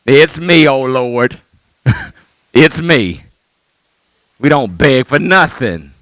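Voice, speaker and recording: A middle-aged man a sermon as pastor, calling for responses and swinging between loud shouts and hushed lines. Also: on the high side, big pitch swings, slow pace, dry recording.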